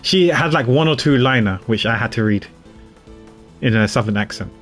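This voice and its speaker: A man's voice: medium pitch, moderate pace, a bit bright, soft background music. A man chatting casually while streaming a game, laughing easily. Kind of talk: casual gameplay commentary.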